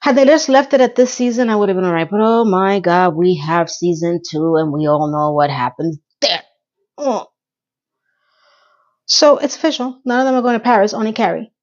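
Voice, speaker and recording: A woman's voice: medium pitch, dull audio. Chatty woman recapping a TV episode. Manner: chatty, animated, quick asides and questions to viewers. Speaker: TV recap reviewer. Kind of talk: casual recap chat.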